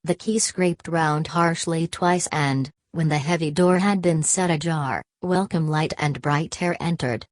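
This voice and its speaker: A woman reads a literary audiobook in a measured, steady way. Her voice is low, and the recording is close and dry with no room sound. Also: no room sound. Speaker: audiobook narrator. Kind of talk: scripted narration.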